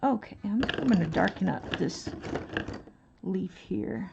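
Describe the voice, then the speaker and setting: A woman's voice: mid-range voice, expressive, slow, gravelly, dull audio, noisy background. A woman chatting casually on an art live stream, rambling and thinking aloud as she colors. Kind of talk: casual chat while coloring.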